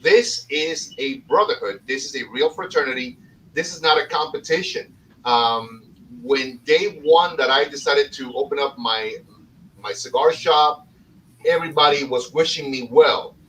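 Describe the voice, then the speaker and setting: A man's voice: medium pitch, measured pace, fairly bright tone, distant mic, slight background noise, rough recording. A man hosting a casual podcast chat, effusive and enthusiastic. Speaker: podcast host and cigar shop owner.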